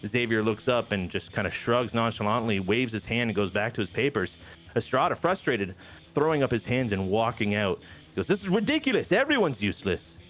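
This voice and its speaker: A man casually narrating a multiplayer wrestling management game session, animated and quick to act out the wrestlers' lines. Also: lowish voice, soft background music. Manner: animated storyteller, briefly acting out wrestlers' lines. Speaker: game show host narrating a wrestling sim.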